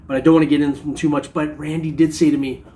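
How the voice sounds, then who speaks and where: Laid-back middle-aged man, slightly high voice. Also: little pitch movement, rapid-fire, mellow, slight background noise. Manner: laid-back, joking, rambling with many fillers. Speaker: metal detecting vlogger. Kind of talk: casual chat to camera.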